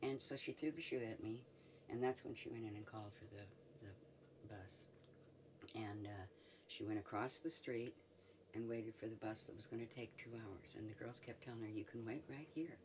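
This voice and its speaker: A woman's voice: extremely low pitch, steady tone, moderate pace, noisy background. Older woman telling a story from a distance. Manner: chuckles often while telling a story. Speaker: medicine woman interviewee. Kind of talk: storytelling in an interview.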